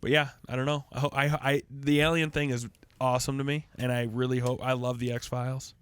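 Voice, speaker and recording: A man's voice: medium pitch, little pitch movement, a little fast, clear, resonant tone, no room sound. A man co-hosting a podcast in casual chat, joking and laughing through crude banter. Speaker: podcast co-host.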